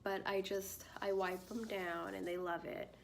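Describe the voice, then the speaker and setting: A woman's voice: medium pitch, flat delivery, a little slow, gravelly, slight background noise. A young woman talking through plant care in a chatty, bubbly way, with lots of fillers and frequent laughs. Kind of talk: casual tutorial chat.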